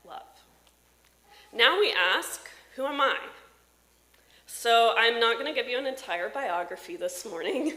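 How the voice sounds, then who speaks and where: A woman's voice: fairly high pitch, lively intonation, measured pace, pauses often. A woman in her thirties, a pastor, giving a sermon with personal storytelling. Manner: warm personal storytelling from the pulpit. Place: church sanctuary. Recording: roomy church echo.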